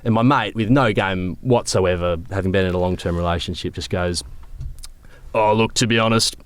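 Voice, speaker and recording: A man's voice: deep voice, normal speed, no echo. A young Australian man, a club captain, telling stories with a laugh in a casual podcast chat. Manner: laid-back storyteller, laughs often. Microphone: podcast microphone.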